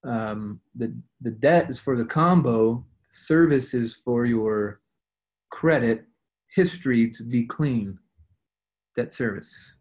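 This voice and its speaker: Casting: man, coaching voice for a team call, mid pitch, chatty, plays out example dialogues. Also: slow pace, darkish tone. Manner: conversational, acts out sample dialogues. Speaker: real estate investing coach.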